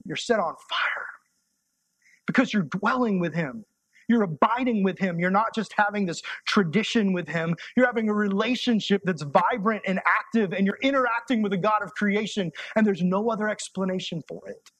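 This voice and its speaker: A young man preaching a sermon as a youth pastor, conversational and impassioned, sometimes dropping to soft, intimate tones. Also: high-pitched, moderate pace, slightly rough, dry recording.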